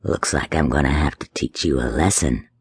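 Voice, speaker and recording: A vicious storybook drunkard, voiced by a man who sits low beneath his usual pitch. His speech is coarse, snarling and threatening. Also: moderate pace, breathy edge, no room sound, exaggerated voice. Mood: menacing.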